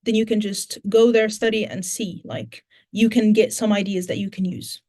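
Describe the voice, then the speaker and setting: A woman's voice: medium pitch, fairly even intonation, normal speed, warm tone. A woman teacher trainer with a British English accent, answering audience questions at an online conference and explaining in steps, with many fillers and restarts.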